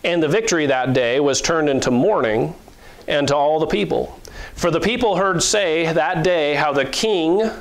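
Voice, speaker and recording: Pastor guy giving a sermon, earnest and chatty, slightly high voice. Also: normal speed. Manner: earnest, conversational preaching with fillers and chuckles.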